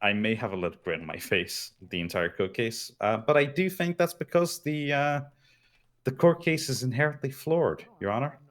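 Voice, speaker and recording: A man playing a defense attorney in an online roleplay, speaking formally and smoothly in courtroom language. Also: mid-range voice, expressive, moderate pace. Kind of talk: in-character roleplay.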